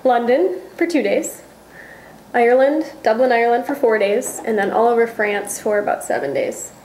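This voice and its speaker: A woman's voice: fairly high pitch, moderate pace, a little mellow, slight background noise. A young woman co-hosting a casual sports chat, chattily telling travel stories. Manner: chatty, storytelling. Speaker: co-host. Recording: roomy echo.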